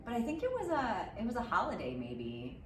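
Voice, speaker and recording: A woman who is a mother and podcast guest, telling lively stories in casual chat. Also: fairly high pitch, a little fast. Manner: chatty, animated storyteller. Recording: echoey room, mic far off, noisy.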